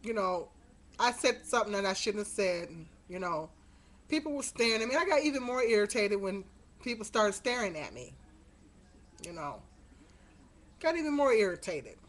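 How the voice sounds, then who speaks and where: A woman's voice: mid-range voice, lively intonation, moderate pace, pauses often. A middle-aged woman telling a story to her webcam in a rambling, exasperated way, with many fillers. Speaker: vlogger. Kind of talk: casual webcam monologue. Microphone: webcam mic.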